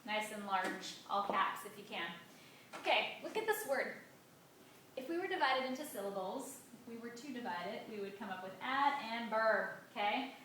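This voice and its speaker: A woman teacher gives a grammar lesson in a bright, fairly high voice, leaning hard on key words and drawing them out. She is recorded from some distance in a very echoey classroom with faint background noise. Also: expressive. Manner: emphatic, drawn-out stresses on key words. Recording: echoey room, mic at a distance.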